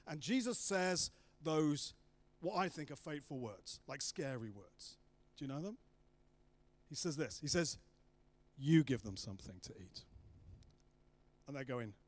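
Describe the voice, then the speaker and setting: A man preaching a sermon, telling the story with lively acted-out voices of the people in it. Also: medium pitch, unhurried. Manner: animated storytelling, acting out voices of the disciples.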